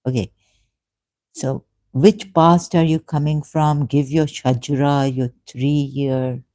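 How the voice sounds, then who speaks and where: Guy, halting and earnest, dark mellow tone, dry sound. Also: on the high side, steady tone, dry recording. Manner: halting, many restarts and fillers, earnest and pleading. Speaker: religious video commentator. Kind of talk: emotional monologue to camera.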